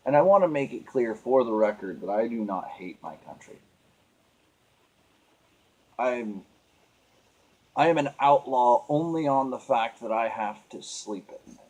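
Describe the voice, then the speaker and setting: An earnest man talking through his frustrations in an unscripted monologue. He rambles, trips over his words and restarts sentences. His pitch sits in an ordinary middle range. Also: animated, unhurried, pauses often, darkish tone. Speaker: vlogger. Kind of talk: casual venting monologue.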